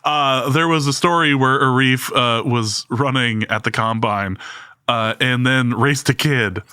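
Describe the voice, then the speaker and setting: A man co-hosts a podcast in a bright voice with a dry, teasing delivery. He often hesitates, and the recording is close and dead, with no room sound. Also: mid-range voice, unhurried, smooth, no room sound. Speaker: podcast co-host. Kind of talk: casual podcast chat.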